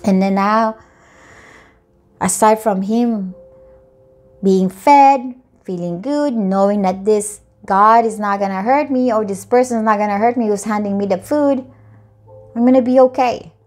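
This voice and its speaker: A woman giving a tarot reading, talking in a reassuring way that repeats key phrases, with soft music behind her. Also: medium pitch, measured pace. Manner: repetitive, reassuring. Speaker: tarot reader.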